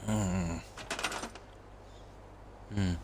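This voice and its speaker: A man's voice: low voice, steady tone, very slow, background noise. A man streaming a game, muttering and thinking aloud while he builds, in casual chat.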